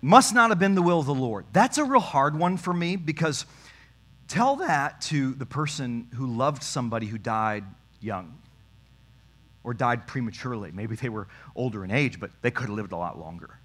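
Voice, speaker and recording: A man's voice: mid-range voice, lively intonation, normal speed, a bit bright. A man preaching a sermon as pastor, talking straight to his congregation with emphasis.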